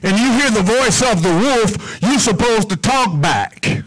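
High-voiced preacher man, rhythmic sermon. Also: animated, unhurried, fairly bright tone, poor audio. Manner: rhythmic, call-and-response preaching.

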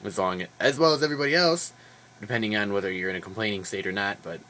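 A man's voice: on the low side, fast talker. Tired, jokey guy vlogging. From Wisconsin. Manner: animated, jokey, rambling, with fillers. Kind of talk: casual daily vlog chat.

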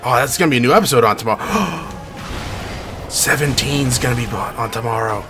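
A man streaming a live playthrough, reacting excitedly, talking to chat, and muttering to himself between loud outbursts. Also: medium pitch, quick pace, music in the background. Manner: casual, swears, talks to chat. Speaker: gaming streamer. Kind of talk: live gameplay commentary.

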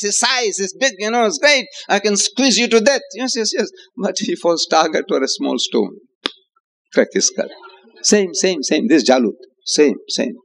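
A man from Africa, giving an emphatic public lecture with rhetorical questions, repeated phrases and chuckling asides. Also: high voice. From South Africa. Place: hotel lecture hall.

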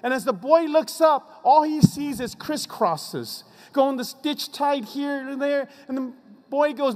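A man giving an inspirational commencement speech, emphatic, sinking low and slow on his repeated refrains. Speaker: commencement speaker. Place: graduation ceremony venue. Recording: long reverb of a large venue.

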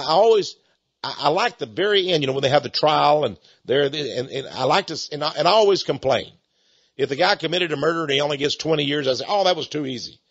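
A man preaching a sermon in a folksy, animated storytelling manner, often chuckling. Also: medium pitch, breathy edge, dry recording. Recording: dull dry lo-fi recording.

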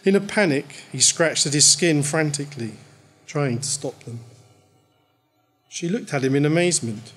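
A man reading his own short story aloud at a live event, in a measured storytelling manner. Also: fairly high pitch, fairly bright tone, slightly rough, soft background music.

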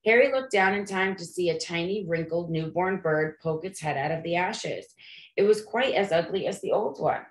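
Woman reading a storybook out loud, lowish voice, steady n plain, roomy echo. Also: moderate pace. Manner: steady, plain read-aloud narration. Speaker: reader.

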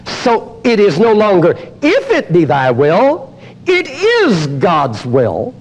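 An older man delivers an exuberant teaching sermon, his voice leaping up for emphasis and sinking low for intimate asides. His voice sits a little high for a man, with animated, sweeping intonation. A faint noise floor hums under the recording. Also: slow pace. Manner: exuberant, emphatic, swings from hushed to loud exclamations. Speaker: preacher teaching a healing course.

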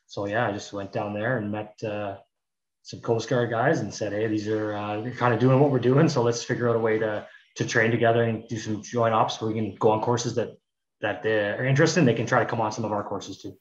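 A man's voice: lowish voice, a little fast. Man on a roomy, muffled call. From Canada. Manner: relaxed, rambling with many fillers. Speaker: guest, search and rescue technician. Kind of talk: casual conversation. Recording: roomy, dull lo-fi call audio.

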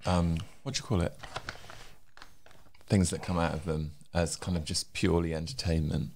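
A man's voice: low voice, level tone, moderate pace, vocal fry, a little mellow, a little hiss or hum. A man co-hosting a casual podcast, playful and teasing, laughing as he chats. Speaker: podcast co-host.

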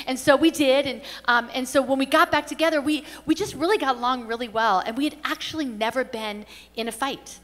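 A middle-aged woman with a high voice gives a conference teaching talk. She tells personal stories earnestly and often restarts her sentences. Her voice carries through a reverberant hall. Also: steady tone, fast talker, few pauses. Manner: earnest storytelling with many restarts. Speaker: pastor and conference speaker.

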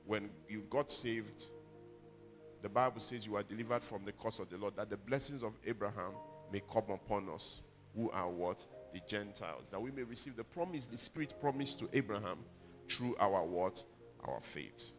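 A man's voice: fairly low pitch, normal speed, big-room sound, soft background music. A man preaching a sermon, emphatic and calling on the congregation to repeat his words. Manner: emphatic, rises to loud exhortation. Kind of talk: sermon with call-and-response.

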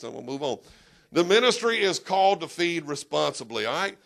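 Man, pastor preaching in church, high voice, gravelly, emphatic, calls out to the congregation. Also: big pitch swings, a little fast. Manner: emphatic preaching with sudden shouts and asides to the congregation. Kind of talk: sermon.

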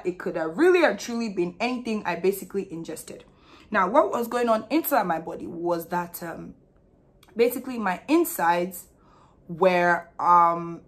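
Expressive young Nigerian woman vlogger. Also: medium pitch. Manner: animated, expressive storytelling with frank slang. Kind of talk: casual storytime vlog.

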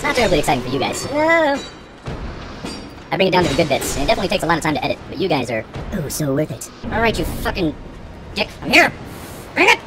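A woman commenting on her gameplay, excitable, swearing and shouting at the game, with wry self-mocking asides. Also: fairly low pitch. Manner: excitable, cursing and yelling at the game. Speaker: let's play gamer.

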